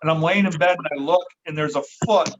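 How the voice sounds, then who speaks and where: Middle-aged man, slightly high voice, lively casual storyteller, lo-fi sound. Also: fast talker, background noise. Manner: lively, swearing, acts out the voices he quotes. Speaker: podcast guest. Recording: dull lo-fi recording.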